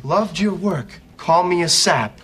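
An actor playing an eager, naive young actor who gets easily excited. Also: male voice, sits high, slow, very noisy.

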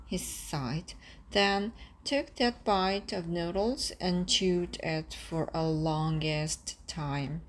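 A woman narrates a first-person story in a calm, steady way. Her voice sits lowish and moves very slowly, with a faint bed of ambience behind it. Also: slight background noise. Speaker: audiobook narrator.

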